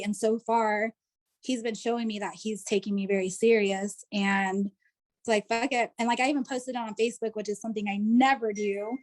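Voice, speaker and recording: On a video call, an American woman interviewed as a guest tells a personal story, peppering it with "like" and "you know" in a chatty manner. She speaks a little fast in a steady tone at medium pitch.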